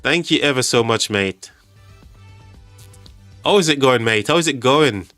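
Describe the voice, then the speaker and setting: An excitable man hosts a live game stream, stumbling over his words as he chats with viewers. His voice is bright and forceful, recorded dry and close. Faint music plays underneath. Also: medium pitch, a little slow, dry recording. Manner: excitable, stammering, thanks chat often. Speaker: game livestream host.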